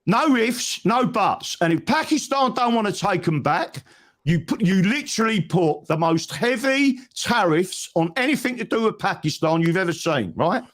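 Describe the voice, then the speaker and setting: A man, a guest in a live online talk, lecturing forcefully in a heated debate and tagging his points with "right?". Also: high voice, lively intonation, normal speed.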